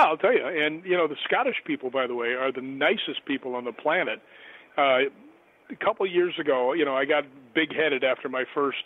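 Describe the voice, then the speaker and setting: A man telling stories in a relaxed, rambling way as a guest on a radio show, laughing often. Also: medium pitch. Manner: chatty, rambling, laughs often, animated when astonished. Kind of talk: casual storytelling on a call-in radio show. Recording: tinny phone line.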